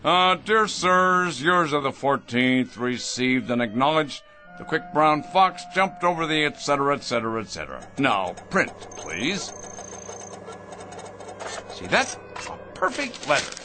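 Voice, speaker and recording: A man's voice: on the high side, very animated, unhurried, pushed and bright, faint music behind, exaggerated voice. A middle-aged man playing a cold, pompous factory owner who is obsessed with efficiency and speaks condescendingly. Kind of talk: 1960s radio drama acting.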